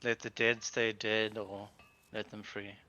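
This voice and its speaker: A man playing along on a game stream, explaining his in-game choices in halting phrases packed with fillers. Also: fairly low pitch, flat delivery, sharp tone, lo-fi sound. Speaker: co-player. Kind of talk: casual gaming stream chat.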